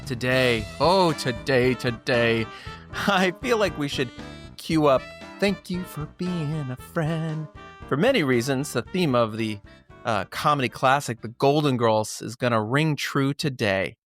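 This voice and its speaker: A man's voice: mid-range voice, animated, unhurried, music in the background. A man hosting an upbeat podcast, enthusiastic and playful as he tells stories and welcomes guests. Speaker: podcast host.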